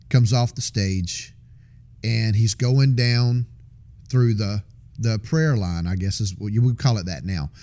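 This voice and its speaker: An earnest man recounts his conversion story in a plain, conversational voice of middle pitch. He circles back over his words, restarts sentences and drops in small laughs as he tells it. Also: darkish tone. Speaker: testimony speaker. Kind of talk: personal testimony storytelling.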